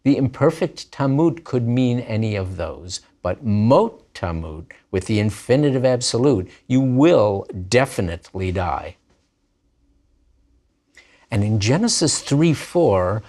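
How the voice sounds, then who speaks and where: A man teaching a grammar lesson in slow, deliberate speech with playful asides. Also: mid-range voice, expressive, darkish tone. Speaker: language teacher. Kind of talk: scripted Hebrew grammar lesson.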